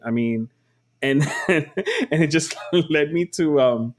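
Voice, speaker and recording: A man's voice: mid-range voice, fairly even intonation, unhurried. Male podcast host, easygoing and slangy, casual conversation. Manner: laid-back, slangy. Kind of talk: casual chat.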